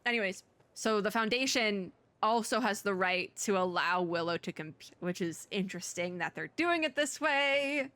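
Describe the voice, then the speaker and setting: A woman's voice: mid-range voice, expressive, moderate pace, sharp tone, no echo. A woman hosting a casual let's play, chatting and rambling as she reads the game text aloud. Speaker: VTuber let's-play host. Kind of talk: casual gameplay commentary.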